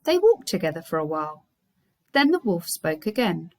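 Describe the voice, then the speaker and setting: A woman primary school teacher with an English accent, reading a fairy tale aloud to her class in an expressive storyteller's manner. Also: on the low side, normal speed.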